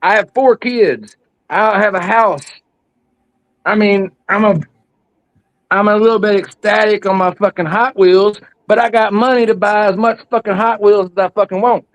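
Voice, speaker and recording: A man's voice: high voice, fairly even intonation, moderate pace, no echo, low-quality recording. A man in his thirties talking heatedly and profanely in casual chat, rambling as he gets worked up. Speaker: guest.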